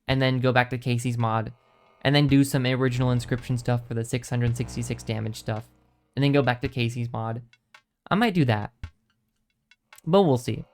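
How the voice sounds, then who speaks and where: A man streaming a video game, chatting casually and thinking aloud, with many ums and restarts as he rambles. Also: medium pitch. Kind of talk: casual gameplay commentary.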